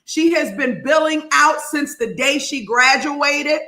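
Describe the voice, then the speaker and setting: A woman coach hosting a live call, exuberant and loud, cheering people on with shouts and laughter in casual speech. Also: high voice, takes it slowly, echoey room. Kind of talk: high-energy live call shout-outs.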